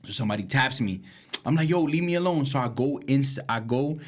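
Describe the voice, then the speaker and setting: A young man, co-hosting a podcast and telling a wild story in slangy casual chat, acting out quotes and laughing. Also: fairly quick. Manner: animated, slangy, acts out quotes with big pitch jumps and laughter. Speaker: podcast co-host.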